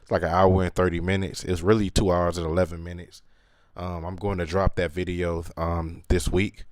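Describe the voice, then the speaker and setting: Deep-voiced man, earnest slangy vlog talk. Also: flat delivery, moderate pace, no echo, clean studio sound. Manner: earnest, slangy, many fillers. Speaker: channel host. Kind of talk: casual to-camera monologue.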